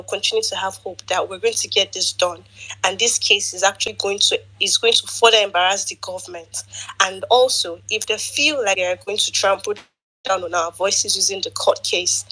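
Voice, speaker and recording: A woman addresses an online audio room in an urgent, rallying way. Her voice is bright and forward, and she drives her points home by repeating them. It sounds like a phone or laptop mic on a voice chat. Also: mid-range voice, slightly rough, low-quality recording. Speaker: speaker in an online audio space. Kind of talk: impassioned political address.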